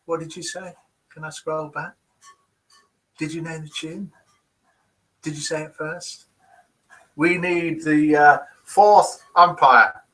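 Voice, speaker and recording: A man's voice: on the high side, fairly even intonation, slow pace, long pauses, a bit bright, low-quality recording. An older man hosts a live webcast quiz and reads out viewers' comments in a chatty way. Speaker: host of a live daily quiz and chat show. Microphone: desk microphone.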